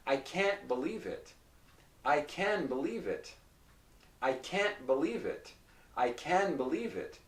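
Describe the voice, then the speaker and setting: Male ESL teacher, slow, patient delivery, heard at a distance in a roomy space. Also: medium pitch. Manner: explains patiently, repeats example phrases slowly. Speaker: English pronunciation teacher. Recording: roomy echo, mic at a distance.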